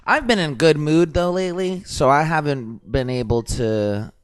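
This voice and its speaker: A man co-hosting a podcast, relaxed and jokey in casual conversation. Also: on the high side, smooth. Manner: laid-back, jokey, quick with wisecracks. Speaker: podcast co-host. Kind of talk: casual chat.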